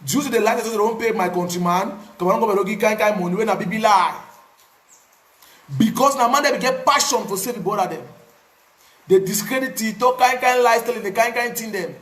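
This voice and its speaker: Animated Cameroonian man in an echoey room. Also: high voice, brisk. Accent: Cameroonian Pidgin English. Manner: animated, repetitive, pidgin phrasing. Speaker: activist. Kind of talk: casual personal storytelling.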